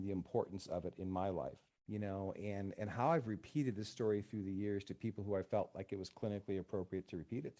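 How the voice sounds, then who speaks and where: Telling stories as a counselor guest in a casual podcast conversation, this man acts out the quoted dialogue in a relaxed radio-talk way. His voice is on the low side and warm.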